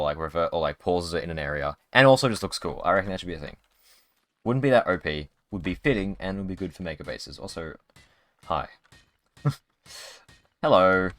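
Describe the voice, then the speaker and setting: Low-voiced man rambling on a game stream. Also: a bit bright, no echo. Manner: rambling, many fillers and restarts. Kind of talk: casual live-stream commentary. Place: home streaming setup.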